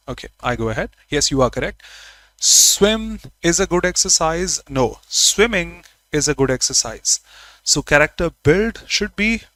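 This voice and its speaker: A man's voice: fairly high pitch, fairly bright tone, no echo, low-quality recording. A man teaching grammar in a live online class, repeating example phrases and answering viewers by name.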